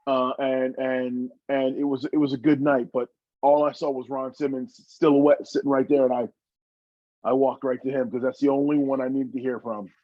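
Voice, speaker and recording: A man's voice: mid-range voice, little pitch movement, normal speed, no echo, dull audio. A man, a former wrestler, telling stories from his career in an interview, earnest and emotional with many restarts. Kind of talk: reflective interview storytelling.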